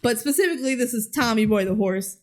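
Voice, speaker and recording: A woman's voice: a little high, quick pace. Chatty, giggly young woman podcaster. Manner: chatty, giggly, acts out quotes in bouncy voices. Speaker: podcast co-host. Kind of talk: casual movie recap chat.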